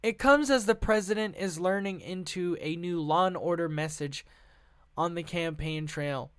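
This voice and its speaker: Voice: medium pitch, normal speed, a bit bright, smooth, no echo, clean studio sound. A podcast host reading news articles aloud and breaking off into profane, laughing, rambling asides.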